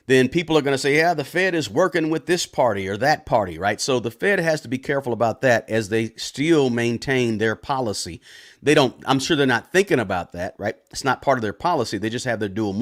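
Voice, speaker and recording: A man hosting a personal finance channel, answering viewer questions live in a loud, casual way and often ending points with a tag question. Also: medium pitch. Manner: talks loud, tag questions, frequent restarts.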